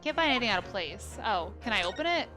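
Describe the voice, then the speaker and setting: A woman's voice: fairly high pitch, big pitch swings, fast talker. A woman playing a game who reads its dialogue aloud and adds chatty, incredulous asides. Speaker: let's play gamer. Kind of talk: casual gameplay commentary and reading aloud. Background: game music.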